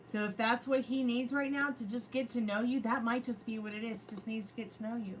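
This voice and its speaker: A woman's voice: fairly high pitch, steady tone, fairly quick, slight background noise, rough recording. A woman giving a live-streamed tarot reading, chatting casually and addressing spirits and her chat directly. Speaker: tarot reader. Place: her home.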